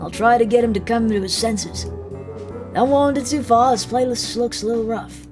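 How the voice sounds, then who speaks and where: A woman's voice: fairly high pitch, moderate pace, music in the background, lightly acted. A woman voicing a sardonic, no-nonsense train conductor with a dry, wisecracking manner.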